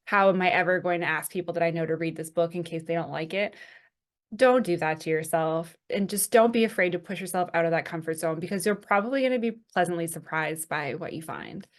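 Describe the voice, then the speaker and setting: Woman co-host, lower-pitched voice, rambling and chatty with plenty of ums. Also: a little fast. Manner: chatty and rambling, with many fillers. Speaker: podcast co-host. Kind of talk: casual chat.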